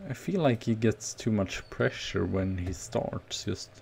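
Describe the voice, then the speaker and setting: A man streaming a football management game, commenting casually on each play with nervous excitement and sudden shouts. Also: on the low side, unhurried, vocal fry, a little hiss or hum. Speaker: gaming streamer.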